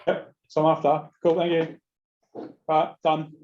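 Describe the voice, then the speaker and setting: An Australian man on a video call making quick, practical requests. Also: fairly high pitch, monotone, highs cut off. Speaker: club member. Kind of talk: casual chat.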